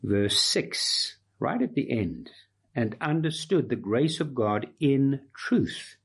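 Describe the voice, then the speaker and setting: A man delivers a sermon in a husky voice that rises and falls with lively movement. He drives his points home with emphatic, repeated phrases. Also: medium pitch, slow pace. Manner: emphatic, rhetorical repetition. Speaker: preacher. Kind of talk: expository sermon.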